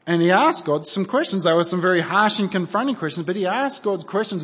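A man's voice: sits high, lively intonation, brisk, few pauses, fairly bright tone, slightly rough. A man preaching a sermon in an earnest, conversational way, asking his listeners rhetorical questions. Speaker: pastor. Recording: long hall reverb.

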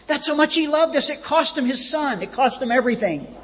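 A man with a high voice preaches a sermon, pressing his points by repeating words. The sound is dull and lo-fi, with a long reverb trailing behind him as if in a large church hall. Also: expressive, brisk, a bit bright, a little hiss or hum. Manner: emphatic, repeats words for stress. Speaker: pastor.

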